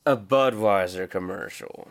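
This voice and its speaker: A man's voice: fairly low pitch, measured pace, a little hiss or hum. A man playing along in an improvised comedy bit, mostly short agreeing replies with an idea here and there.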